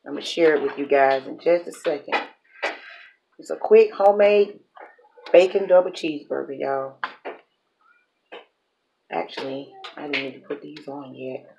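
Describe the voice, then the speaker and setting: A woman chats casually as she cooks at home, her voice sitting low. She talks herself through each step and laughs at her own slips. A faint hiss of noise sits under the camera mic. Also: normal speed, gravelly, pauses often, dark tone, muffled recording. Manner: chatty, self-talking, laughs at her own mistakes. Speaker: mukbang cooking vlogger. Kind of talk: casual cooking chat to camera. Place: home kitchen with grill.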